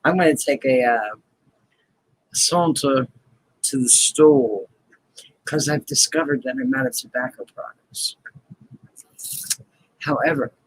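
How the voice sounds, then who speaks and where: A man's voice: mid-range voice, slow, long pauses, breathy edge, dry recording, rough recording. A man hosting a casual live stream, chatting playfully with viewers, greeting them by name and laughing often.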